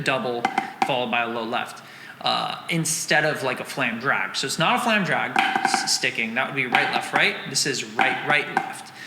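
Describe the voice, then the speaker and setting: A man teaching drum rhythms, counting and singing the beats aloud, and often correcting himself. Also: mid-range voice. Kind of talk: instructional breakdown. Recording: echoey room with loud drumming. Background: drumming.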